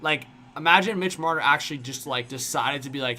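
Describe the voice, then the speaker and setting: Chatty young man with bright voice. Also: on the high side, a little fast, hardly any pauses. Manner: rambling, filler-heavy, frequent "like". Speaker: hockey livestream host. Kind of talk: casual live stream commentary, reading chat.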